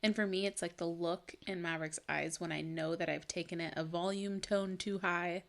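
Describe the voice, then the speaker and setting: A young woman co-hosting a casual podcast chat, speaking in a lowish voice with plenty of vocal fry. She tells stories in a chatty, loose way and fills her sentences with casual fillers. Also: steady tone, moderate pace. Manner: chatty storyteller, leans on "like". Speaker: podcast co-host.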